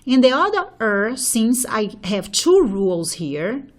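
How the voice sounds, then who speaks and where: A woman's voice: on the high side, big pitch swings, slow pace. A woman teacher explaining a phonology problem step by step, checking in with "okay?" as she writes. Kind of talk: phonology lesson at a board.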